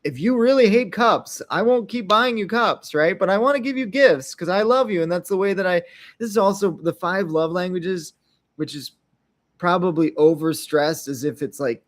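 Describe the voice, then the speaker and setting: Rambling man hosting an unscripted podcast. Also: fairly high pitch. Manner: rambling, frequent tag questions, acts out little quotes. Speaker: podcast host.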